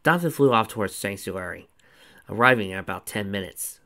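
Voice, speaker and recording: A man's voice: fairly low pitch, lively intonation, fairly quick, pushed and bright. A man casually reading his fan fiction aloud, with small slips. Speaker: storyteller.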